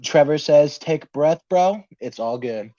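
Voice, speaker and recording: Brief: young male podcast host, higher-pitched, nervous, laughs often; dry, dull lo-fi recording. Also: lively intonation, unhurried, dark tone, no room sound. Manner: nervous, laughing, reading viewer comments aloud. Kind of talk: casual livestream chat.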